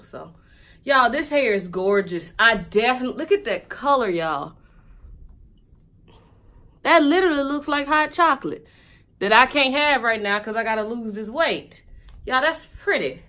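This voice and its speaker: Chatty higher-voiced woman reviewing wigs. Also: pushed and bright. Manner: chatty, joking, talks straight to viewers. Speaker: wig reviewer. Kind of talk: casual wig review vlog.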